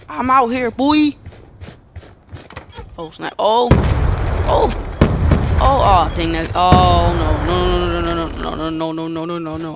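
Young guy freaking out playing a game, voice jumping all over, talks slow between yelps, loud game noise behind. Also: high voice. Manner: excitable, yelps and shouts in panic; repeats words rapidly. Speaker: gamer. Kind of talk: gameplay commentary. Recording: noisy game audio behind.

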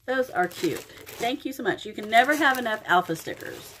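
Gushing, excitable middle-aged woman unboxing crafts. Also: fairly high pitch, normal speed, a little hiss or hum. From Oklahoma, USA. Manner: gushing, effusive, exclaims often. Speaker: crafting vlogger. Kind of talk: happy mail unboxing vlog.

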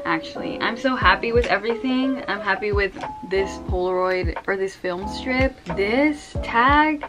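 A young woman vlogging an unboxing in casual chat, gushing and excitable, full of slang. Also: medium pitch. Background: background music.

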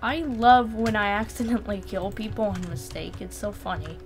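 A young woman commentating her gameplay casually, excitable, shrieking and repeating words when things go wrong. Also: mid-range voice, moderate pace, music in the background. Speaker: gaming channel host.

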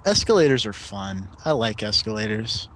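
A man's voice: lowish voice, big pitch swings, normal speed, a bit bright, a little hiss or hum. A young man from the American South hosting a game playthrough, bantering and teasing his co-commentators. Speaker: let's play host. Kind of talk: casual gaming chat.

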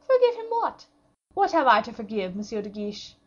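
A woman voicing a proud, coy young princess in an audiobook, pitching her voice up with arch, feigned surprise. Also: big pitch swings, moderate pace, muffled recording.

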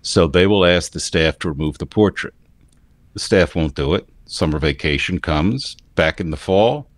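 A man's voice: sits low, animated, normal speed, dry recording. A man with a standard American accent, co-hosting a casual news discussion and explaining things at length. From Philadelphia area, United States. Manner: talks in long explanatory stretches. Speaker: news commentator co-host.

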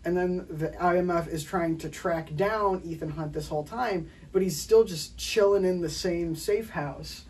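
A young man hosting a casual film review chat, animated and a little hesitant, acting out characters' lines. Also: high-pitched, unhurried, hardly any pauses, recorded from a distance. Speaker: film review show host.

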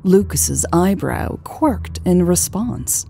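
A woman narrating a romance audiobook in a measured, calm reading. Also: on the low side, gravelly, a little hiss or hum. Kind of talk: scripted narration.

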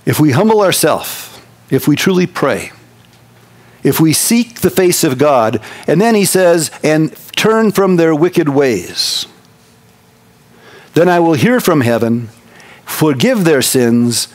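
A pastor preaches a folksy, animated sermon, swinging between quick, loud bursts and slow, quiet emphasis. His voice sits a little high.

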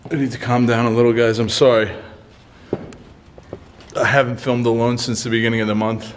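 A man's voice: mid-range voice, flat delivery, a little fast, slight background noise. A man filming himself alone in an empty house at night, nervous and breathless, swearing and calling out to spirits. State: sweating and dizzy. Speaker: paranormal investigator vlogger. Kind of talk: alone ghost-hunting vlog.

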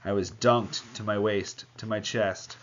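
A man's voice: on the low side, fairly even intonation, a little slow, slight background noise. A man reading a novel aloud, voicing the characters and breaking off now and then to comment. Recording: dull lo-fi sound.

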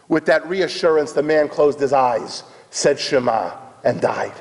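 An older man, a rabbi, telling a story in sermon style, dramatic and shifting between hushed and soaring delivery. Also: fairly high pitch, moderate pace, hardly any pauses. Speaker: rabbi giving a lecture. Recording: hall reverb.

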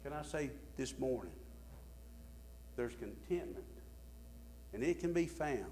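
A male pastor preaching a sermon, swinging from emphatic bursts to quiet, low drops. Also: animated, a little slow, slight background noise.

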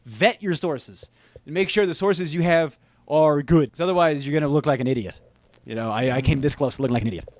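A man talking to camera in a video, rambling and stammering, animated as he tells his story. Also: a little high, brisk, no room sound. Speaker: YouTuber in a played clip.

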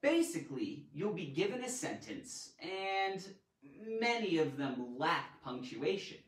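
A man hosting a live online grammar lesson in a playful, animated way, tossing in silly sound effects. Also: on the high side, measured pace. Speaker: grammar teacher and show host. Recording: roomy echo, mic at a distance.

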